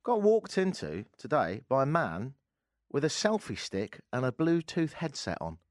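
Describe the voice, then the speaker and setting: A man's voice: medium pitch, huge pitch swings, unhurried, no room sound, clean studio sound. A man hosting a casual radio talk show, wry and sarcastic, rambling between topics. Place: radio studio. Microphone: studio microphone.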